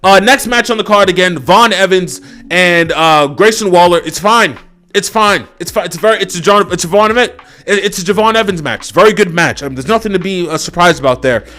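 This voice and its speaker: A man's voice: sits high, a little fast, pushed and bright. A young man ranting unscripted as a wrestling reviewer, exasperated and profane, full of fillers. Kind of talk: unscripted rant.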